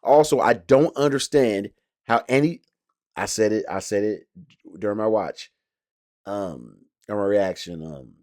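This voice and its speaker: A man's voice: on the low side, measured pace, darkish tone, no room sound, clean studio sound. A man talking casually about a show he watched, rambling with many fillers and restarts. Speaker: show reviewer. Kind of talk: casual reaction talk.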